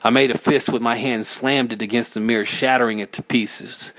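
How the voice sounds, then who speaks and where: A man reading his own first-person horror story aloud, frantic, sometimes breaking into yells. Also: medium pitch, normal speed, no echo.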